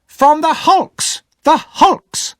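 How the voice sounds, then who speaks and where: A man's voice: high voice, wildly swooping pitch, moderate pace, fairly bright tone, no echo, clean studio sound, pitched above the performer's own voice, exaggerated voice. A man voicing a harsh, hard-tempered older woman who scolds sharply. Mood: snapping.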